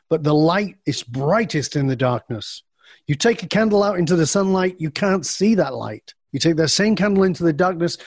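A man's voice: fairly high pitch, dry recording, clean studio sound. A middle-aged man answering an interviewer's questions on a podcast, a coach who acts out the dialogue of his stories. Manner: animated storyteller acting out dialogue.

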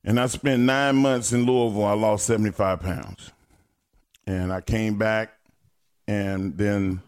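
Lower-voiced male guest, ex-wrestler, lively storyteller who swears freely. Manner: animated storyteller, swears, laughs, acts out quotes loudly. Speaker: guest, former pro wrestler. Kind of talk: casual storytelling on a podcast.

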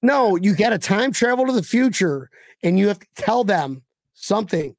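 A man's voice: sits high, lively intonation, normal speed, darkish tone, no room sound. A man hosting a casual podcast chat, joking, swearing and laughing with guests. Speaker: podcast host.

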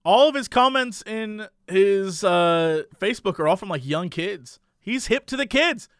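Young male co-host, jokey and quick, high-pitched and forceful. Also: expressive, clear, resonant tone, dry recording, clean studio sound. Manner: playful, quick reactions, jokey asides. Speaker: podcast co-host. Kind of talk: casual chat.

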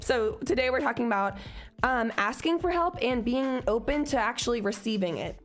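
Young woman, podcast co-host, higher voice, casual profane pep talk, faint background music. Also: animated, moderate pace. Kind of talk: casual chat.

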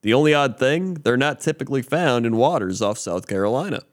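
Lively laughing podcast co-host. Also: male voice, mid-range voice, fairly quick. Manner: laughs often, reads news items aloud with stumbles. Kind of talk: casual chat, mock news segments.

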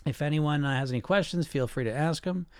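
A man's voice: a little high, quick pace, a little mellow, smooth, dry recording. A man hosting a weight-loss coaching show, talking energetically and straight to his listeners, often repeating himself. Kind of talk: casual live coaching talk.

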